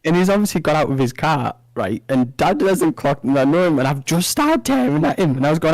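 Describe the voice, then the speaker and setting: A man's voice: fairly high pitch, very animated, fast, hardly any pauses, a little mellow, no echo, rough recording. A man, chatting casually on a podcast, telling sweary stories and laughing at them. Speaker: podcast host. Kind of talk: casual chat.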